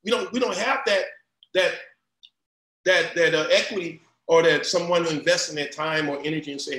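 Animated man in an echoey room. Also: on the high side, moderate pace. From Louisiana. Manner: animated, repeats himself, rising into loud storytelling. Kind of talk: casual conversation. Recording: roomy echo.

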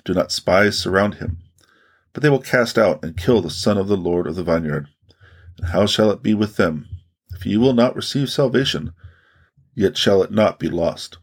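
Brief: man reading an earnest male teacher, husky and low, solemn rebukes in read-aloud narration. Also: animated, normal speed.

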